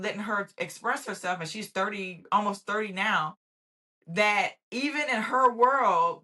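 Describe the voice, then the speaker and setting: Bright-voiced middle-aged woman host. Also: mid-range voice. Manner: warm storytelling, laughing, affirming. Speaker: podcast host. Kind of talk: candid podcast conversation.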